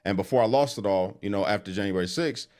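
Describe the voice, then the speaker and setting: Guy rattling off a story fast, lowish voice, acts out what people said. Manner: animated, quick storyteller who acts out quotes. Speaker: interview guest. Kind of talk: casual storytelling.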